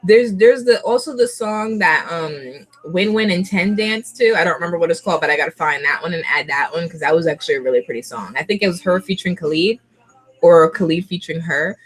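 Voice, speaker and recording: A young woman vlogger of Puerto Rican heritage chatting casually to camera, laughing often and gushing like an excited fan. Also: lowish voice, fairly quick.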